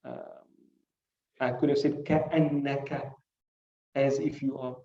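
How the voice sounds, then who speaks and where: A man's voice: mid-range voice, fairly even intonation, unhurried, vocal fry, far from the mic, lo-fi sound. Man lecturing in an echoey room. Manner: explains with examples, asks students rhetorical questions. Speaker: teacher. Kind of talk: classroom lecture.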